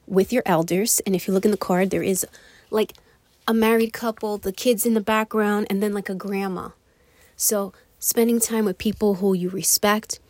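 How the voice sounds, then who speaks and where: A woman's voice: mid-range voice, darkish tone, dry recording. A woman hosting an online radio show, giving a casual tarot reading in a chatty way, a little out of breath. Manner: chatty, with fillers like "you know" and "um".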